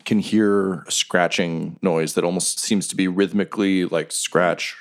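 A man narrating as game master of a tabletop game, describing scenes in a relaxed way. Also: low-pitched, normal speed.

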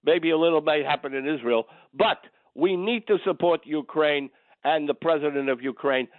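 Older guy calling talk radio, blunt and grumbly, high-ish voice, tinny phone line. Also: moderate pace, dry recording. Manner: blunt, gruff, rambling, indignant. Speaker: caller.

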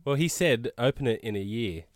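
A man's voice: mid-range voice, expressive, a little fast, no echo, studio quality. A man in casual podcast chat, laid-back and wryly joking. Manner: laid-back, wry jokes. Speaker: podcast co-host.

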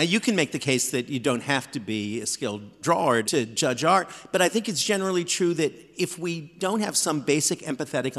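A man in his fifties, an author guest in a live stage interview, telling self-deprecating stories in an animated way. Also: medium pitch. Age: 50s. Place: theater stage before live audience. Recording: long hall reverb from stage.

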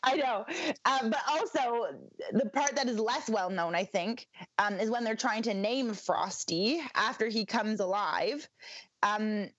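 A woman's voice: a little high, a little slow, a bit bright, no echo. A woman co-hosting a podcast talks in a loose, casual way, with many ums and restarts. She laughs easily. The recording sounds dry and a little muffled. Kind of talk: casual chat.

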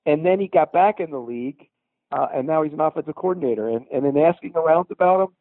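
A man's voice: on the high side, fast talker, dry recording. A man calling in as a football reporter, giving sports analysis in a matter-of-fact, confident way. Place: at a team practice facility. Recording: tinny phone line.

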